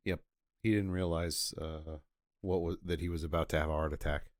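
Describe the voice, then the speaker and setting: A man's voice: low voice, steady tone, normal speed, dry recording, clean studio sound. A man co-hosting a podcast, adding wry jokes and laughing along in casual movie chat. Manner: wry, joking asides with frequent laughter. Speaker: podcast co-host.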